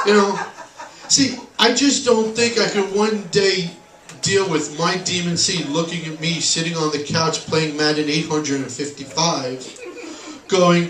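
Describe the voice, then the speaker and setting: A man performs stand-up in a bar, his slightly high voice delivering sarcastic, deadpan punchlines. The sound is echoey and taken from far off across the room. Faint bar noise sits underneath. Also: measured pace. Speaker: stand-up comedian. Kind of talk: stand-up comedy set. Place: bar stage, live room. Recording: echoey bar recorded from a distance.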